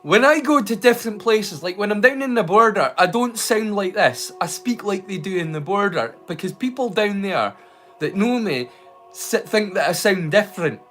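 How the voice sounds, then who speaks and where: A man's voice: sits high, expressive, moderate pace, fairly bright tone, soft background music. A man with a Scottish accent hosting a live watch-along stream, chatting casually and rambling playfully into silly rhymes and jokes. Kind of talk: casual livestream chat.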